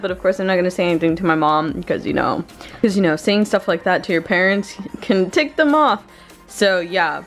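A woman's voice: lowish voice, fairly quick, soft background music. A young woman vlogging from home, chatty and bubbly, talking straight to her viewers. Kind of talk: casual vlog chat.

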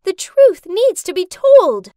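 Tracy, a high, indignant young woman. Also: sing-song, a little slow, dry recording, studio quality, exaggerated voice. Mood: outraged. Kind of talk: animated storybook dialogue.

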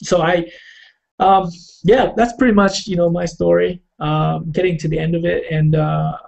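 Gravelly-voiced man telling his story. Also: a little high, steady tone, darkish tone, rough recording. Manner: halting, reflective, many fillers and restarts. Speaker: podcast host telling a personal story. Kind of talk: casual personal storytelling.

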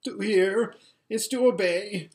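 Brief: fawning old vizier, voiced by a male reader, high whining tone, ornate obsequious speech. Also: animated, normal speed, natural voice.

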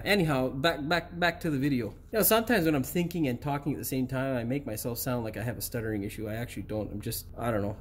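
A man's voice: mid-range voice, a little hiss or hum. A middle-aged man hosting an auto repair channel, working outdoors in a driveway and talking to a camera. He is short on sleep, swears often, mutters to himself and keeps restarting his lines. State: sleep-deprived. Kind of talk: casual DIY repair outtakes.

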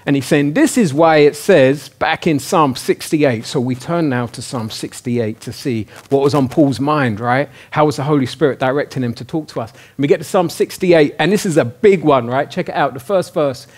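Man, relaxed preacher, chatty sermon, asks the room questions. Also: on the high side, moderate pace, hardly any pauses. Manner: casual, conversational, asks the congregation questions. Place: church hall.

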